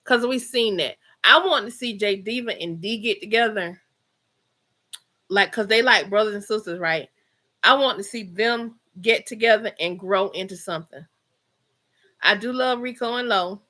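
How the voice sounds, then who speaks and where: With a sharp tone, medium pitch and normal speed, a middle-aged woman hosts a casual livestream from her home and talks through the live comments. She has a Georgia Southern accent, uses Southern slang and is chatty, laughing often.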